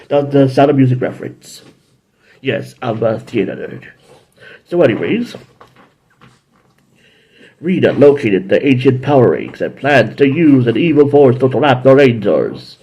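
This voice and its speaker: A man with a husky, mellow voice talks through an episode recap in a loose, casual way. He rambles, stops to correct himself, and swings up and down in pitch. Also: big pitch swings, moderate pace, highs cut off. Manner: rambling, self-correcting, jumps into high-pitched character voices. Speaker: show host reviewing episodes. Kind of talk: casual review with acted-out scenes.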